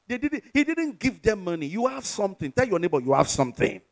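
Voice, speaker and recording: A man's voice: high-pitched, sing-song, a little fast. A Nigerian pastor, a man, preaching a sermon with call-and-response to his congregation and slipping from English into Yoruba.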